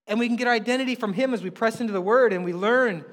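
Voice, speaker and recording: A middle-aged man preaches with a fairly high voice, talking to the congregation in a casual, animated style that swells on key words. His sermon rings with long reverb from a large church hall. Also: racing. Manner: animated, conversational preaching with emphatic rises. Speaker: pastor.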